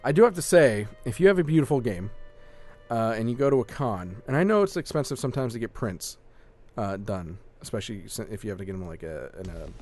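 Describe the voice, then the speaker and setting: Guy co-hosting a gaming podcast, rambly and excited, lots of likes and ums, faint music under it. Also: lowish voice, quick pace. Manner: rambling, filler-heavy, enthusiastic. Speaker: podcast co-host. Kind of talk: casual gaming podcast chat. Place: home room with a shelf of collectibles.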